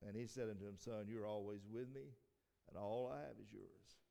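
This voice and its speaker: A man preaching a sermon who repeats and restarts his phrases, rises to emphatic peaks, then trails off low. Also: moderate pace, gravelly, mellow. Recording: long hall reverb.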